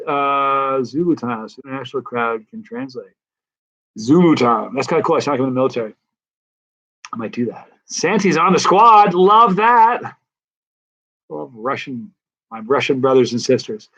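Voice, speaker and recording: A man's voice: fairly high pitch, lo-fi sound. A man from the East Coast hosting a casual live-stream Q&A, chatting loosely and reading out viewer comments. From United States, East Coast. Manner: relaxed, rambling, reads out viewer comments. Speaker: host of a hot pepper channel.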